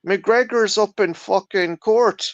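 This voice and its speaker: A man's voice: high voice, takes it slowly, no echo, highs cut off. A man with an Irish accent, chatting casually and swearing a lot as he animatedly retells film scenes. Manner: swears constantly, animated storytelling. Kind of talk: casual chat.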